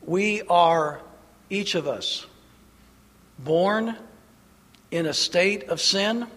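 Preaching with emphasis, a man challenges his listeners through rhetorical questions in a slow, deliberate delivery. His voice is high and fairly bright, echoing with the long reverb of a large hall.

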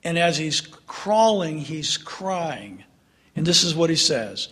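A man preaching a sermon, retelling a story with drama, dropping to a hush for sad moments and rising to call out to his listeners. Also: a little high, big pitch swings, slow pace, breathy edge. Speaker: pastor.

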